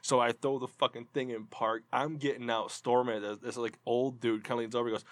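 A man tells a story in a casual, swearing-heavy podcast chat. He is animated and profane, and his voice sits in the middle of the male range. The sound is dry and close, with no room echo. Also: medium pitch, a little fast, hardly any pauses. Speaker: podcast co-host.

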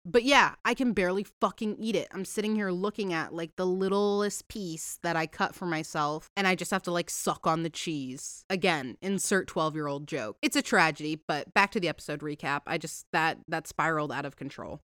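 A woman's voice: on the low side, moderate pace, hardly any pauses, no room sound, studio quality. A woman hosting a podcast, telling a story in casual chat with lots of swearing and rambling asides, at home. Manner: profane, rambling and animated. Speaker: podcast host.

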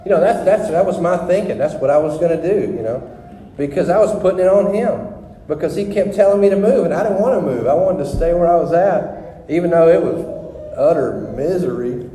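A middle-aged man giving a sermon testimony in a church hall, telling his story in an animated, rambling way with many restarts. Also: fairly high pitch, a little fast, slight background noise. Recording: echoey hall with long reverb.

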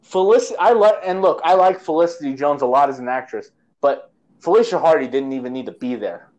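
A man's voice: a little high, animated, fairly quick, darkish tone. A man co-hosting a casual movie-review chat, rambling and sarcastic, with many restarts. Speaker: podcast co-host, movie reviewer.

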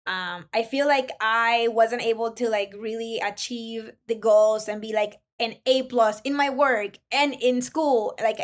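A woman's voice: a little high, steady tone, a little slow, hardly any pauses. A young woman from Ecuador, a podcast guest talking reflectively in a casual interview, with many fillers.

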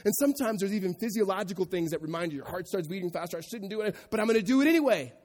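A man's voice: high-pitched, lively intonation, very fast. Man preaching in an echoing hall. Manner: builds from quiet reflection to raised, emphatic preaching. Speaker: pastor. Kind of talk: sermon. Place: church sanctuary before a congregation.

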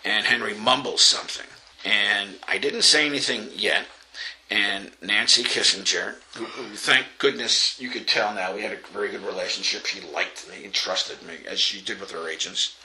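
Bright-voiced older man telling a story. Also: on the low side, normal speed, a little hiss or hum, poor audio. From Long Island, New York. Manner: storytelling, acts out quoted voices, laughs often. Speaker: interviewee. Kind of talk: telling an anecdote.

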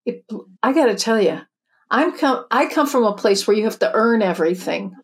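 A woman's voice: a little high, lively intonation, brisk. A woman in her fifties or older, a spiritual teacher and author, telling her story in an interview in an earnest, chatty way with many restarts.

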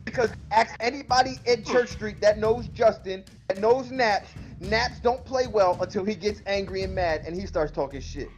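A man's voice: high voice, normal speed. A young man, brash and teasing, trading casual trash talk on a podcast. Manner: brash, teasing, talks over others. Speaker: podcast co-host. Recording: dull lo-fi sound with faint music.

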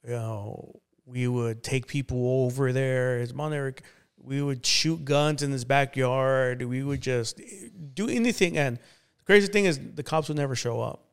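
Smooth-voiced man telling his story. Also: mid-range voice, a little slow. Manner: relaxed, conversational, many fillers like "you know". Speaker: pastor, interview guest. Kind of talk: casual storytelling.

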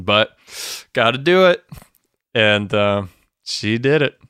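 Low-voiced man retelling a TV episode casually. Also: slow pace, clear, resonant tone, dry recording, clean studio sound. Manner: animated retelling, acting out characters' lines, swears and laughs often. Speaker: podcast co-host. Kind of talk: casual chat recapping a TV episode.

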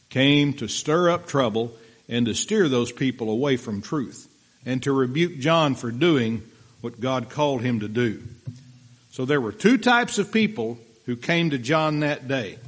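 A man preaching a sermon, reading scripture and explaining it in a slow, deliberate way, pausing for listeners taking notes. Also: mid-range voice.

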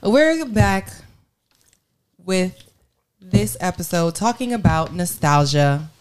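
A woman's voice: lowish voice, animated, slow pace, a little mellow, clear, resonant tone. A woman co-hosting a podcast who brings up the topics and asks the others questions. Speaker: podcast co-host. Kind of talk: casual podcast chat.

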